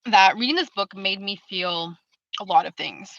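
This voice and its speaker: A woman's voice: medium pitch, moderate pace, creaky, pushed and bright, no room sound. Woman, blunt, casual, filler-heavy, dull call audio, dry sound. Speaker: book club member. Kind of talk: casual book discussion over a call. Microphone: video call.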